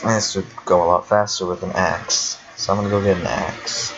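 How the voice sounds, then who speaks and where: Young guy, really low voice, rambling to himself while he plays, kinda muffled home mic with a little hiss. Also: level tone, fairly quick. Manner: chatty, swears and laughs often, talks to himself. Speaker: let's player. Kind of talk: casual gameplay commentary. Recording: dull lo-fi home recording with faint hiss.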